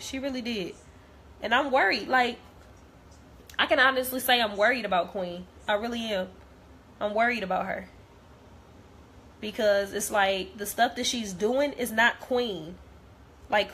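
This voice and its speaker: A woman's voice: mid-range voice, fairly bright tone, slight background noise. A young woman talking straight to camera, blunt and heated, repeating herself as she vents. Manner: blunt, repetitive, heated, profane. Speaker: vlogger. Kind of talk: direct-to-camera rant.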